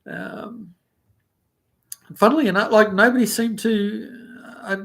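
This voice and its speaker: Reading viewer comments on a relaxed livestream, a New Zealand-accented man based in the U.S. speaks slowly in a high, slightly bright voice with fairly even intonation. He rambles easily, with plenty of ums and uhs.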